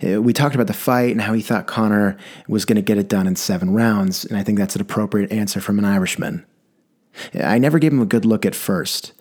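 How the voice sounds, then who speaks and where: A man's voice: on the low side, brisk, a little mellow. A man telling a wry personal story about a passenger, with a dry delivery. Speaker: rideshare driver telling a story.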